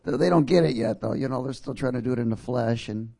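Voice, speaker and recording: A man's voice: medium pitch, vocal fry, dark tone. A male pastor preaching a sermon, calling out to his congregation and chuckling at his own jokes.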